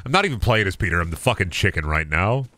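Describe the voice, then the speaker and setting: Streaming a shooter game, a young man jokes around, repeats bits, and swears often in casual gameplay commentary. His voice is deep, expressive, pushed and bright, and he talks at a quick pace.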